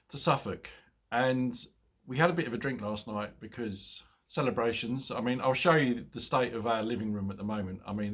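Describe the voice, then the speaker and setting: Husky, chatty man in his fifties. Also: mid-range voice. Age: 50s. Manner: chatty, self-mocking storyteller who laughs at his own jokes. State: hungover. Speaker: motorcycle vlogger. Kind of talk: casual chat to camera. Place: at home, indoors.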